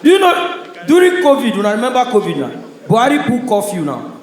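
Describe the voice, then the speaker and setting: A man with a Nigerian accent doing a stand-up comedy set on a stage, telling stories in a loud, punchy way. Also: extremely high pitch, huge pitch swings, quick pace, reverberant, low-quality recording. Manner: loud, punchy storytelling in pidgin.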